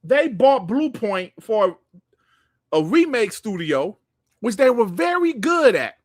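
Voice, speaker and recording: A man hosting a gaming podcast livestream, ranting in a heated, profane and animated way. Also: high voice, slow, no echo. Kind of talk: livestream commentary rant.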